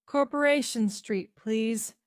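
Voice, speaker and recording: A woman's voice: a little high, slow, no echo, studio quality. A woman voicing a cheerful young man who gives short replies to his mother, in a storybook reading.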